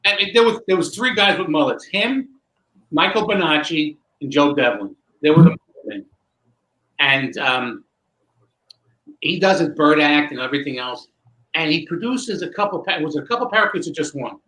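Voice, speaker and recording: A man telling a long anecdote in a casual interview, lively and acting out the people in his story. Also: a little high, normal speed, poor audio. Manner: animated, acts out dialogue. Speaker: guest magician.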